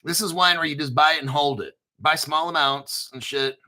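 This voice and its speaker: A man's voice: on the high side, moderate pace, bright, forceful tone. A man hosting a casual crypto livestream, rambling and joking with lots of profanity. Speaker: crypto YouTube host.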